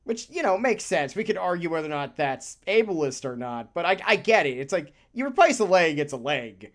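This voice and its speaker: A podcast co-host in casual chat, talking in a rambling, animated way, swearing casually and laughing often. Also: medium pitch, a little fast.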